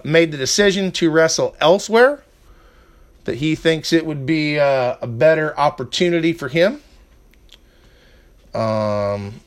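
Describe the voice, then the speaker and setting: A man's voice: on the high side, smooth. A man hosting a casual wrestling preview podcast, rambling with fillers and turning to a heated rant. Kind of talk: casual chat.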